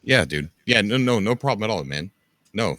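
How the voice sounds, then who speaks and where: A man's voice: fairly low pitch, expressive, normal speed, a bit bright. A man hosting a gaming stream, chatting casually and easygoing with callers, often saying "dude" and "man". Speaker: stream host. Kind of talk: casual chat.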